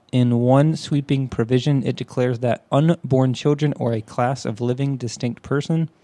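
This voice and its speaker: Mellow, dry-sounding man reading aloud. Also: mid-range voice, no room sound. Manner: steady, measured reading. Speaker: podcast co-host. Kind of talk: reading a news article aloud.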